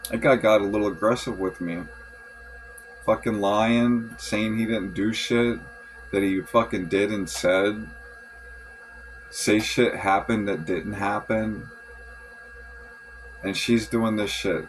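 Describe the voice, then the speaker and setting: A man's voice: lowish voice, fairly even intonation, slow pace, long pauses, faint music behind, rough recording. A man venting in a rambling, frustrated journal monologue, swearing often and restarting his sentences. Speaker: vlogger.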